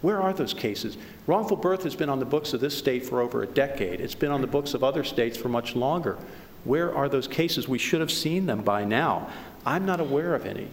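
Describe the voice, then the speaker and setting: A male attorney making an emphatic oral argument in court, hammering rhetorical questions and tripping over restarts. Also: medium pitch. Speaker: attorney for the plaintiffs. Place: large courtroom. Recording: reverberant courtroom recording with faint noise.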